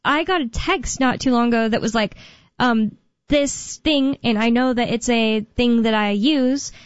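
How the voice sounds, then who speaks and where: A woman's voice: fairly high pitch, moderate pace, clean tone, no room sound. A woman co-hosting a call-in talk radio show, chatting casually and rambling a bit with frequent laughs. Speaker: radio co-host. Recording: dull lo-fi radio sound.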